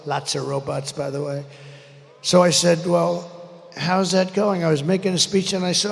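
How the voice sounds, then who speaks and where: An older man giving a rambling, boastful rally speech that flares into angry shouting. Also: a little high, steady tone, moderate pace, creaky. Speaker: politician speaking at a rally. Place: large arena rally. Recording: echoey arena sound, faint crowd ambience.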